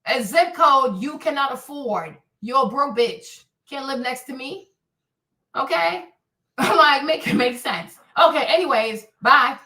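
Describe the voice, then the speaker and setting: A high-pitched woman with a bright, sharp voice hosts a livestream and taunts the chat with profane, repetitive jabs. She sits some distance from the mic in an echoey room. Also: animated, a little slow. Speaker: livestream host. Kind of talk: live-stream rant answering chat.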